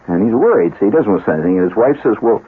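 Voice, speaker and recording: A man's voice: on the low side, very fast, breathy edge. Rambling male radio storyteller, lo-fi. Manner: animated, digressive, with comic asides. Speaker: radio host. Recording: narrow, lo-fi 1970s radio broadcast.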